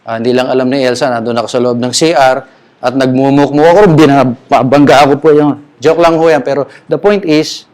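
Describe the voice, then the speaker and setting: A man's voice: medium pitch, steady tone, fast talker, a little mellow. A middle-aged man with a Filipino accent preaching a sermon at a memorial, emphatic and grieving, switching between English and Tagalog. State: grieving, emotional. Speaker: pastor.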